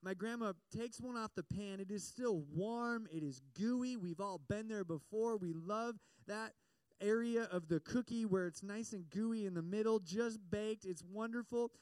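High, clear-voiced young man preaching. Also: moderate pace, few pauses, dry recording. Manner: chatty and animated, many fillers, asks the audience questions. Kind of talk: sermon with personal story.

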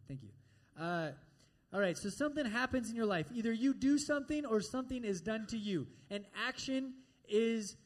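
A high-voiced man preaching a sermon in a church. He talks to the congregation in a direct, conversational way and keeps checking in with quick asides like "all right?". His pitch sits well above most men's.

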